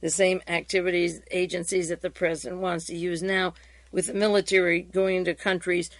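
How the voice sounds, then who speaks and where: A woman radio host reading hearing transcripts aloud and commenting, in a steady reading voice with occasional fillers and restarts. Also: on the low side, fairly quick, creaky, no room sound.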